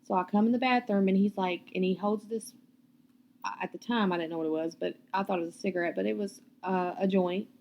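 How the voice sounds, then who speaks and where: A woman's voice: mid-range voice, fairly even intonation, fast talker, highs cut off, slight background noise. A young woman, hosting a podcast and telling a personal story in a blunt, profane, candid way. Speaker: podcast host.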